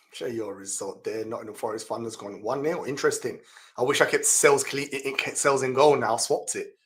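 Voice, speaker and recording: A man hosting a live fantasy football stream, reading out viewer comments and reacting with laughs and exclamations. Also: medium pitch. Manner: chatty, laughs often, reacts loudly to comments.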